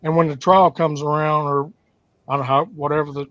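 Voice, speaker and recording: A man's voice: a little high, steady tone, fairly quick, a bit bright, no room sound. Frank man on lo-fi call audio. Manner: laid-back, frank, plain-spoken. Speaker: livestream co-host. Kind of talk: casual chat.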